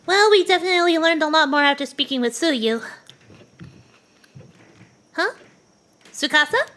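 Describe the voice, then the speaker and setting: A woman streamer reading game dialogue aloud in a plain, even manner. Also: high-pitched, measured pace.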